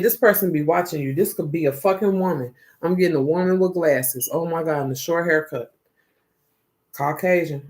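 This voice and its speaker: Profane rambling tarot reader, man. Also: on the high side. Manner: profane, rambling, slangy and animated. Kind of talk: casual tarot reading monologue.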